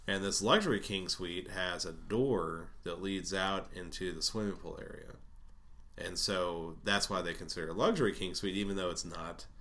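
A man's voice: low-pitched, bright, forceful tone. A man casually telling a rambling personal story, swearing often and laughing between lines.

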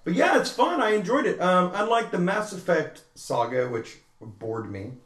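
A man's voice: high-pitched, very animated, moderate pace, a bit bright, roomy sound. A man casually telling stories among friends, acting out quotes in changing voices. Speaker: podcast co-host. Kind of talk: casual storytelling chat.

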